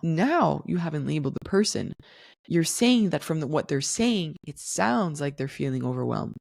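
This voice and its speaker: A woman hosting a solo podcast, explaining things in a calm, teaching tone. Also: sits low, normal speed, gravelly, no room sound, studio quality. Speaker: podcast host.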